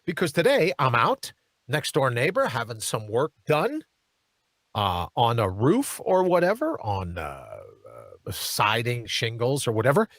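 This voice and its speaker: A man's voice: mid-range voice, huge pitch swings, a little slow, fairly bright tone, no echo. A man hosting a political talk show in a studio, delivering an emphatic monologue full of hammering rhetorical questions and mocking asides.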